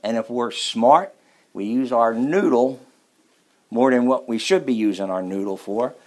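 A man's voice: medium pitch, a little slow. A man preaching a sermon in a church, telling a folksy, humorous story before rising to emphatic scripture reading.

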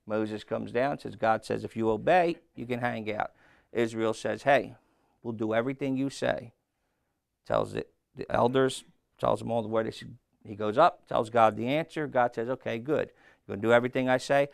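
A man preaching a sermon, telling a story with lively, playful asides and asking his listeners questions. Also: medium pitch, normal speed, gravelly, no echo, clean studio sound. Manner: animated storytelling, acting out voices, asks the crowd questions.

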